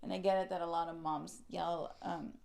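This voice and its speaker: A woman's voice: lowish voice, little pitch movement, normal speed, creaky, a little mellow. A young woman co-hosting a podcast, chatting casually and rambling with lots of "like" fillers. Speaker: podcast co-host. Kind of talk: casual chat.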